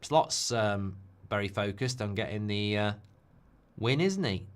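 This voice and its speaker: A man's voice: fairly low pitch, expressive, unhurried, clean tone. A man hosting a live football watchalong stream, chatting off the cuff and answering viewer requests. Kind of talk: live-stream casual chat.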